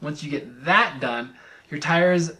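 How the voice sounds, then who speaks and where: A young man hosting a casual podcast chat, upbeat and quick to laugh, reading listener mail aloud. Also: fairly high pitch, bright, forceful tone. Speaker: podcast host.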